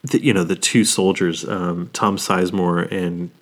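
A man in his thirties with a low voice talks casually as a podcast co-host. He drops swear words all the time and gets openly emotional over favorite movies. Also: fairly even intonation, a little slow. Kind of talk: casual chat.

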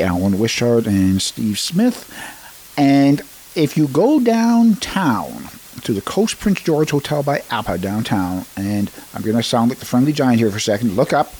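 A man behind a community radio microphone, reading local notices and then drifting into loose, rambling chat. He pauses with fillers and restarts sentences as he goes, in an ordinary mid-range voice. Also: mid-range voice, very animated, darkish tone, husky, poor audio. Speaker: radio host. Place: radio studio.

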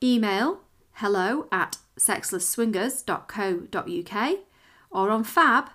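A woman's voice: mid-range voice, expressive, slow pace, fairly bright tone. A woman co-hosting a chatty podcast, her voice stuffy and nasal from a cold. She talks in an open, candid way, with plenty of fillers and frequent giggling. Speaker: podcast co-host. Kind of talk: casual chat.

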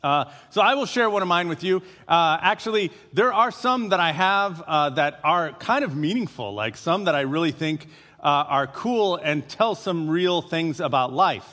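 A man with a notably high voice preaches a sermon to his congregation, chatty and loose, often pausing on "uh." His voice rings out in a church sanctuary with a long, trailing reverb. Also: lively intonation, pushed and bright. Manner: conversational, frequent filler uhs. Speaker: pastor.

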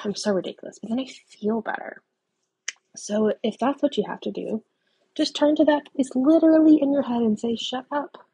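A woman's voice: mid-range voice, gravelly, warm tone, breathy edge, no echo. A woman hosting her own podcast, talking earnestly and encouragingly to listeners, with self-deprecating asides. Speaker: podcast host. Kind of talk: solo podcast talk.

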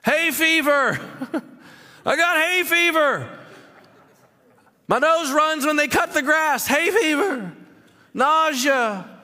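A whiny man fussing over his petty ailments, put on by a preacher, high and drawn out. His voice is bright and sharp. It rings out with a long hall reverb behind it. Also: lively intonation, takes it slowly, long pauses, heavily acted. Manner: high, whining, exaggerated complaint.

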